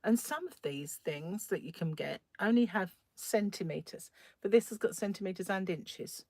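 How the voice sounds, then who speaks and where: A woman's voice: medium pitch, expressive, normal speed, darkish tone. Chatty woman live-streaming crochet. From England, North London. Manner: chatty, laughs often, greets viewers by name. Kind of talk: casual live-stream chat.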